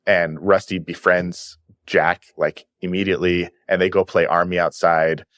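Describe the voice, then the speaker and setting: A man's voice: low-pitched, little pitch movement, moderate pace. A man guest on a podcast, chatting casually and retelling cartoon episodes with eager, filler-laden enthusiasm.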